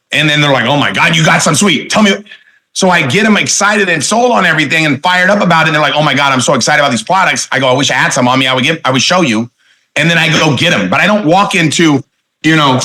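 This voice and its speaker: A middle-aged man giving a motivational sales training talk, energetic and punchy, repeating his key phrases. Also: on the high side.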